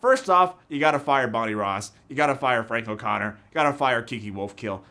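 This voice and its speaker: A man's voice: medium pitch, lively intonation, a little fast, bright, forceful tone. A young man giving a passionate, profane rant about a video game, heated and emotional, with frequent restarts. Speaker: gaming commentator.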